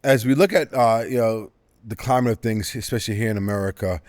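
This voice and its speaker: A middle-aged man hosting a casual interview, talking in halting bursts full of fillers and restarts and laughing often. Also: lowish voice, a little mellow, dry recording, clean studio sound. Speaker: podcast host.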